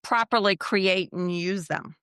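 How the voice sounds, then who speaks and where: A woman's voice: medium pitch, a little slow, fairly bright tone, smooth, no room sound. A woman with a mid-range voice hosts an interview. She asks her questions plainly and offers brief encouraging prompts. Her voice sounds dry and close. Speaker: podcast host.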